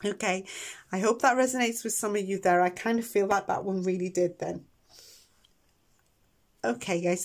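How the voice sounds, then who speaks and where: A woman giving a chatty, emotional tarot reading, soft-spoken with many ums, tearing up at times. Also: mid-range voice, moderate pace, pauses often. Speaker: tarot reader. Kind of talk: pick-a-card tarot reading.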